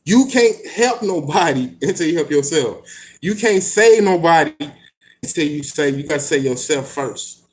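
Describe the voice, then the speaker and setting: Male host, slightly high voice, casual profane commentary on book passages. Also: expressive. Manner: reads passages slowly, then riffs in blunt slangy talk with profanity and laughs.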